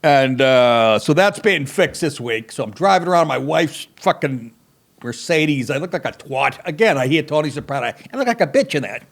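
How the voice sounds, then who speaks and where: Speaking with fairly high pitch and lively intonation at a moderate pace, a middle-aged man hosts a podcast. He rambles through a comic tale full of cursing and jabs at himself, dropping wry asides and breaking into laughter.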